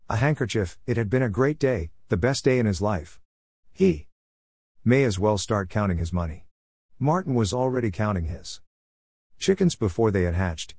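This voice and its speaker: A man's voice: on the low side, darkish tone, no echo, clean studio sound. A man reading a comic story aloud as narrator, playfully voicing the characters' lines.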